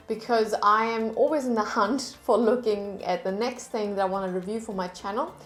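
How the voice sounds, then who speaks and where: A woman beauty vlogger chatting to camera, telling stories in a lively way at her desk. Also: a little high, reverberant. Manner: chatty, animated storytelling. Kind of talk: casual chat to camera. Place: indoor room at a desk.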